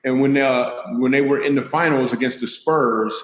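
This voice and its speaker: A man's voice: medium pitch, normal speed, dull audio. A man telling comic stories in a casual chat as a guest, animating them with put-on voices. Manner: animated, acts out other voices. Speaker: comedian guest. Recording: echoey room.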